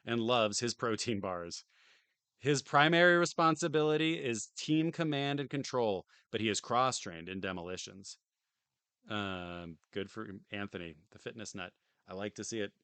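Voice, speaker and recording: A man's voice: fairly low pitch, lively intonation, moderate pace, a bit bright, clear, resonant tone, no echo. Tired man reading aloud, dry jokes. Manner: dry, joking asides between read passages. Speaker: streamer reading a game manual. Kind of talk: casual live-stream reading with asides.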